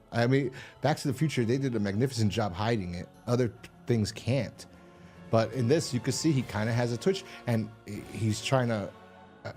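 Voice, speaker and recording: A man's voice: mid-range voice, a little mellow. Rambling, profane man retelling a plot. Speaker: podcast co-host reviewing a horror episode. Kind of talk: casual chat.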